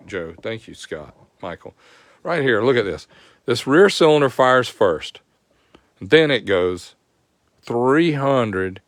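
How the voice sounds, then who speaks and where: A man's voice: on the low side, no echo, clean studio sound. Folksy Southern man teaching engines. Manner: folksy, explains step by step, greets viewers. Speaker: host. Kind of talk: live-streamed technical lesson.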